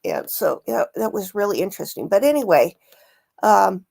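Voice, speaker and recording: A woman's voice: mid-range voice, expressive, normal speed, gravelly, a little mellow. A middle-aged woman giving casual, rambling true crime commentary, with many fillers and restarts.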